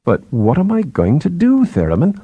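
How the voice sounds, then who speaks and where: A troubled, pleading astronomer, as a male narrator puts him on, his husky voice climbing into high, strained peaks as he frets over his old mentor. The delivery swings widely in pitch and sits close and dry. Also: huge pitch swings, moderate pace, dark tone, no echo, exaggerated voice. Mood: anguished. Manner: distressed, pleading, voice rising high.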